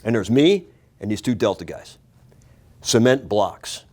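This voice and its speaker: A man in his sixties tells a story as a talk show guest. He talks with animated energy and acts out the voices and shouts of the people in it. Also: fairly low pitch, unhurried, husky.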